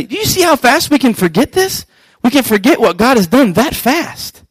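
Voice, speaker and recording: A man preaching a sermon as pastor, animated and acting out scripture scenes. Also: extremely high pitch, dry recording, poor audio.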